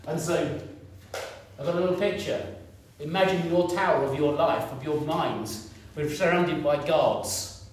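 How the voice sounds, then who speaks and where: A man's voice: a little high, a little slow, slight background noise. A man in his fifties preaching a sermon in a conversational way, repeating points and asking the congregation questions. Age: 50s. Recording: echoey room, picked up from a distance.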